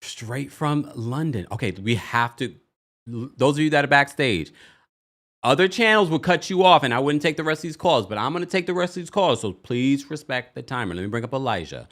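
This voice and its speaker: A man hosting a live call-in show, playful and quick with asides. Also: mid-range voice, very animated, a bit bright. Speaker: host.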